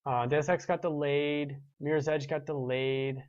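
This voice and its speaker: Rambling young man, slightly high voice. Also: fairly even intonation, a little slow, darkish tone, dry recording, highs cut off. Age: 20s. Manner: rambling, restarts, chuckles. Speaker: gaming show host. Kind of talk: casual chat reading viewer comments.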